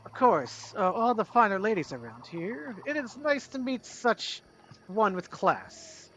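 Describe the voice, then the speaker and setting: A man voicing a smarmy, sharply dressed rich gentleman who speaks with florid, overly courteous politeness. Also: sits high, sing-song, unhurried, lo-fi sound, slight background noise, voice pushed up, exaggerated voice. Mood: courtly.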